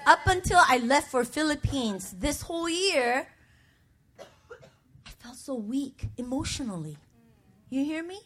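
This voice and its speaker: A middle-aged woman pastor preaching with a very high, bright voice that swoops up and down. She speaks personally and emotionally, turning often to the congregation with questions and calls for a response. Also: expressive, measured pace, pauses often. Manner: conversational and personal, with asides to the congregation. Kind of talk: sermon.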